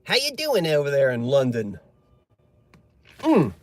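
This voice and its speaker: A man's voice: medium pitch, wildly swooping pitch, measured pace, a little mellow. A man chatting casually on a live stream, joking and answering viewer comments. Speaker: livestream host.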